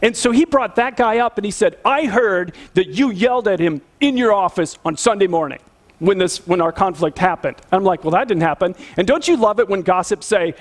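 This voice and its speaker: Preaching a sermon, a middle-aged pastor with a high voice tells a personal story at a brisk pace. He is animated and earnest throughout.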